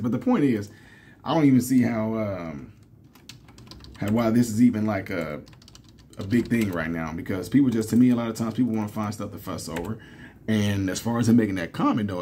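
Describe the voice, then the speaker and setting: A man in his thirties speaks in a lowish voice, chatting to his viewers in a loose, storytelling commentary with plenty of fillers and laughs. He sits indoors at a computer, with faint keyboard typing heard behind him. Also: warm tone, slight background noise. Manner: conversational, storytelling, laughs often, many fillers. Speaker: commentary vlogger.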